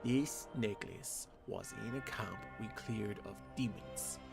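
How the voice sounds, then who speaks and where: A man voicing a gruff, hearty male dwarf adventurer in a video game, reading the quest dialogue aloud in a rough attempt at a dwarven brogue. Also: fairly low pitch, slow pace. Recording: game music playing underneath.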